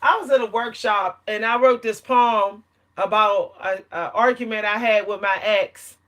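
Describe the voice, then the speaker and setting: A woman vlogs straight to camera in a casual monologue. Her voice is bright and crisp, sitting at an ordinary middle pitch. She tells her story emphatically and laughs often between points. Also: steady tone, unhurried. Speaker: vlogger.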